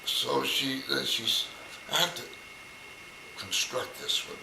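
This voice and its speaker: An older man telling jokes at a birthday party, slow and deliberate, with a gravelly voice and some hesitations. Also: mid-range voice, roomy sound, noisy background. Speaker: joke teller. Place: room at a family birthday party.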